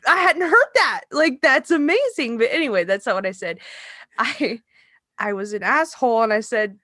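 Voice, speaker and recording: A woman's voice: on the high side, expressive, moderate pace, pushed and bright, no echo, studio quality. A young adult woman co-hosting a podcast, telling a story in casual chat and acting out the quotes with lots of swearing. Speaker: podcast co-host.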